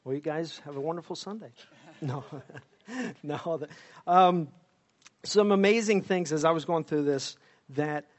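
Man, church leader, casual remarks, relaxed, higher pitch, slow pace.

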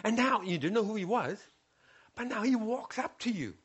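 A man's voice: high-pitched, normal speed, slightly rough. A male preacher giving a sermon, retelling a scripture story and acting out its scenes. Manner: storytelling, acts out scenes, animated.

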